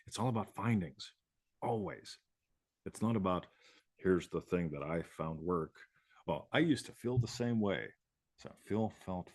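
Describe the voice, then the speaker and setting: A man's voice: on the low side, a little mellow, breathy edge, no echo, clean studio sound. A man hosting a live show, talking casually in a rambling way, swearing and laughing often. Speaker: host.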